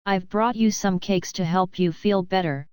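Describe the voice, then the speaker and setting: A woman's voice: lowish voice, moderate pace, darkish tone, clear, resonant tone, no echo, studio quality, lightly acted. A woman reading the lines of a sly, falsely polite male wolf in a children's storybook.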